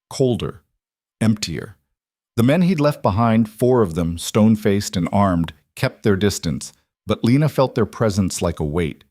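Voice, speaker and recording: A man narrating a dark romance story in a measured, dramatic way. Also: fairly low pitch, no room sound, clean studio sound. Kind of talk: scripted narration.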